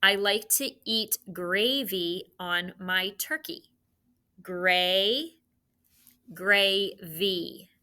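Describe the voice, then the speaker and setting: Bright-voiced teacher dictating slowly. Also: female voice, medium pitch. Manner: slow, clearly enunciated dictation. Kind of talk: dictating a spelling checkup.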